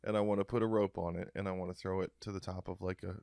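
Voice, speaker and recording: A man co-hosting a casual comedy podcast, telling dark jokes in a deadpan, rambling way. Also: sits low, very fast, gravelly, no echo, clean studio sound. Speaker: podcast co-host.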